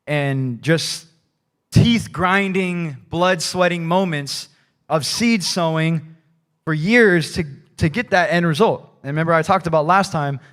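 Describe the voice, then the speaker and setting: A man's voice: a little high, fairly bright tone. A man preaching a conversational sermon in a church, talking casually and loosely, often adding "like" and "right?". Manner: casual, rambling, peppered with "like" and "right?". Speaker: pastor.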